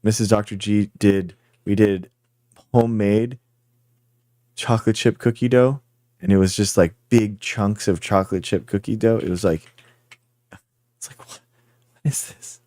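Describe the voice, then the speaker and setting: A man's voice: fairly low pitch, steady tone, normal speed, warm tone, no echo, studio quality. A man hosting a livestream, chatting casually and rambling as he talks straight to his viewers. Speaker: livestream host.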